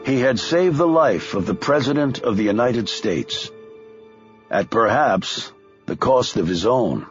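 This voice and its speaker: A man narrating a thriller audiobook in a measured, expressive storytelling manner with a husky voice. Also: mid-range voice, highs cut off, faint music behind.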